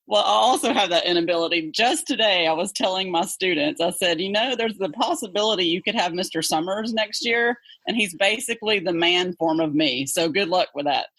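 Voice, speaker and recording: A woman with a Southern accent, an English teacher chatting in an interview, talkative and quick to laugh. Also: on the low side, fairly bright tone, no room sound. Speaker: English teacher, podcast co-host guest. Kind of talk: casual interview chat.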